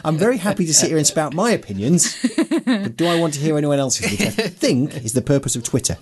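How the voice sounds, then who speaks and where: A man's voice: on the high side, big pitch swings, fast talker, darkish tone. A man hosting a film podcast, chatting casually in a jokey, self-mocking way. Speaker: podcast host. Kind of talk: casual chat.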